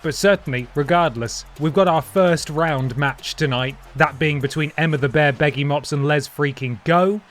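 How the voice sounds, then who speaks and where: A male livestream host with a slightly raised pitch, talking loosely and warmly to his chat. He reads out viewer names and stream streaks, breaks off mid-thought and picks up again. Faint music plays underneath. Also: moderate pace, hardly any pauses. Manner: chatty, thanks viewers by name, trails off mid-sentence. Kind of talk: casual live-stream chat.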